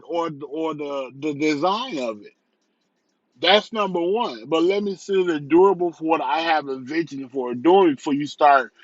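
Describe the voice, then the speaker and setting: A man with a slightly high voice talks through a casual vlog review, circling back and repeating himself as he goes. He is from the south suburbs of Chicago. The recording is dry and a bit muffled. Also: no echo. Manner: candid, rambling, repeats phrases, restarts often. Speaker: vlogger and entrepreneur.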